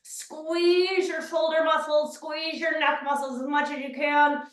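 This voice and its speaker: A woman teaching a beginner Pilates class, calmly talking the listener through each movement step by step. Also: high voice, measured pace. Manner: calm step-by-step movement cues. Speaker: Pilates instructor. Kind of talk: guided exercise class. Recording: very echoey room, mic far off.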